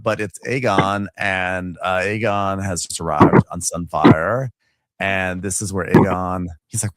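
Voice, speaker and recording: A man co-hosting a casual podcast, recapping an episode and acting out the characters' lines with big jumps in pitch. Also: normal speed, dry recording, poor audio. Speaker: podcast co-host.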